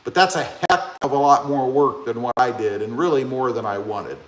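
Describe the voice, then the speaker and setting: A man's voice: medium pitch, moderate pace. A man from Ohio hosting a casual live stream, reading viewer comments aloud and joking back at them. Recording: echoey room.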